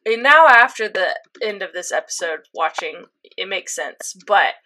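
A young woman chatting casually, retelling an episode with lots of fillers and animated reactions. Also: medium pitch, moderate pace. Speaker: co-host recapping an anime episode. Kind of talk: casual chat.

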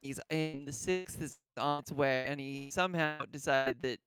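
A man's voice: medium pitch, normal speed, fairly bright tone, clean tone, dry recording. A man co-hosting a casual podcast chat, telling wry stories into a close mic.

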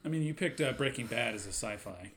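A man's voice: medium pitch, expressive, fairly quick, background noise. A man co-hosting a podcast in casual banter, joking and teasing with frequent laughs. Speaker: podcast co-host.

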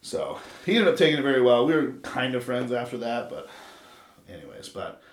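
A man's voice: medium pitch, big pitch swings, fairly quick, gravelly. Profane rambling man in a roomy space. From Los Angeles, USA. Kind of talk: casual chat. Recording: roomy echo.

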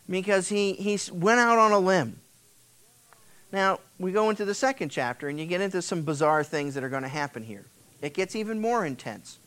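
With a voice that sits high and a bit bright, a male pastor preaches conversationally, retelling Bible stories and voicing the characters' lines in quotes.

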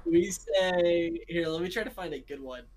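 A woman's voice: lowish voice, moderate pace, darkish tone, a little hiss or hum, low-quality recording. An American woman chatting casually as a podcast co-host, rambling with many fillers and giggles. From United States. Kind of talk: casual chat.

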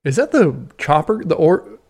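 A man's voice: fairly high pitch, sing-song, normal speed, a loud crowd. A man co-hosting a podcast in casual, swearing banter. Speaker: podcast co-host. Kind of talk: casual chat.

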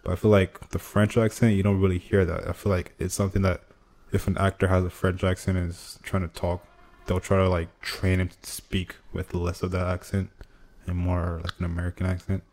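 A man's voice: low-pitched, level tone, fairly quick, darkish tone. A man from Nigeria co-hosting a podcast, talking bluntly and casually with plenty of swearing. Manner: blunt, profane, laid-back. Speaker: podcast co-host. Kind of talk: casual chat.

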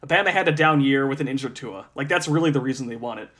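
Bright-voiced, animated male podcast co-host. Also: medium pitch, very fast. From Wisconsin. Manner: animated, laughs often, blunt opinions. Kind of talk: casual sports chat.

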